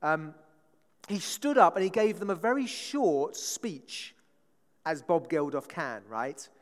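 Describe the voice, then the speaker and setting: A man with a slightly high voice and lively intonation preaches a casual, conversational sermon, his words echoing with a long church-hall reverb. He's chatty and keeps drawing in the congregation with quick questions, often asking "right?"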